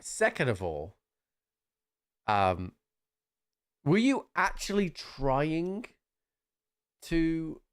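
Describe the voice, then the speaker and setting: A British man chatting casually while streaming a game, chatty and quick to laugh. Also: medium pitch. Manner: chatty, laughing, restarts often. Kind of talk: casual livestream chat.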